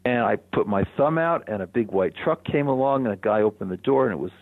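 An older man, a radio guest, telling a personal story in a reflective, animated way with soft chuckles. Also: fairly low pitch, brisk, gravelly, hardly any pauses, dry recording. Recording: phone-line radio interview.

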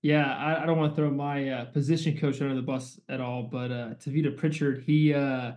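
A quarterback co-hosting a casual sports podcast, talking in a measured way with fillers. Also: male voice, mid-range voice, level tone, a little mellow. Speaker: podcast co-host, college quarterback.

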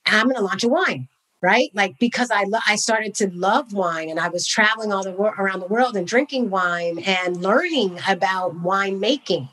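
A woman from Napa, California, chatting as an interview guest. She tells her story with animated enthusiasm, full of casual fillers, in a voice of medium pitch. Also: moderate pace, rough recording. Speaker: podcast guest, wine entrepreneur.

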